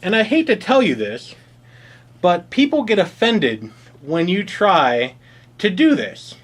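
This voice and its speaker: A man's voice: high voice, sing-song, slow pace. A man reviewing a board game, explaining the rules in a dry, sardonic way.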